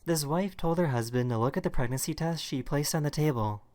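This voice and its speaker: A man narrating a compilation of internet clips in a flat scripted read. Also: fairly high pitch, a little fast.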